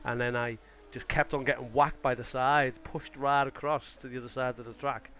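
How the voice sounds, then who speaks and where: This young Australian livestreamer chats loosely about a sim race, wandering off topic and breaking off his own sentences. His mid-range voice is a bit bright, flat in delivery, and at a normal speed.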